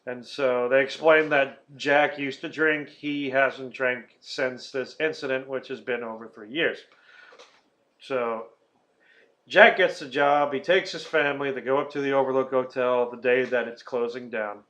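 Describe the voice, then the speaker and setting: A man's voice: medium pitch, fairly even intonation, a little slow, fairly bright tone. A man hosting a casual podcast about a movie, rambling through the plot with lots of fillers, swearing and laughing. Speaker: podcast host. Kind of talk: casual movie-review chat. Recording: dull lo-fi podcast audio.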